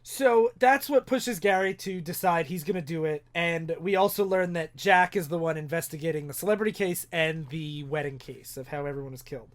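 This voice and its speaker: A man's voice: fairly high pitch, fairly quick, few pauses. A man co-hosting a podcast, casually recapping a comic book plot and quoting the characters as he goes. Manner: recaps plots, acts out characters' lines in passing. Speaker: podcast co-host.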